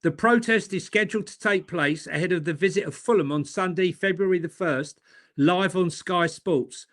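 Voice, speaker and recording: A man's voice: high-pitched, moderate pace, a bit bright. A man hosting a football podcast, reading out news items and then joking about them. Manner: reads out news items, then jokes and laughs. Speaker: host. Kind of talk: casual chat.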